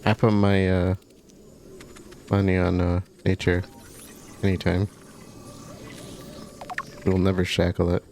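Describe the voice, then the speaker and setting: A man's voice: low-pitched, completely flat delivery, slow, long pauses, a little mellow, slight background noise. A man casually commenting while playing a game, musing and thinking aloud. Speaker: gaming YouTuber, biologist. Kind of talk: let's play commentary.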